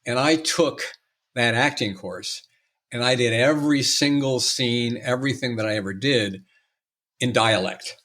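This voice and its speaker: A man's voice: mid-range voice, a bit bright. Theatrical older man telling stories. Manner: theatrical storyteller, quick to mimic and joke. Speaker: entertainment lawyer and guest. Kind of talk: conversational podcast interview.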